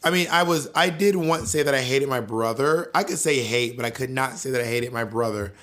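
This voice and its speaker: A man co-hosting a podcast, chatting casually and telling stories in an animated, playful way, swearing freely. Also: medium pitch, fairly quick. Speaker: podcast co-host. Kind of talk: casual chat.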